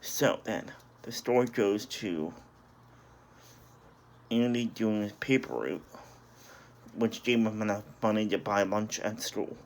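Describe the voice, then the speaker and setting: Guy with a lowish voice recapping an episode, keeps saying sorry and restarting. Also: slow, long pauses. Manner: hesitant, apologetic, many restarts. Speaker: video reviewer. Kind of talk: casual plot recap.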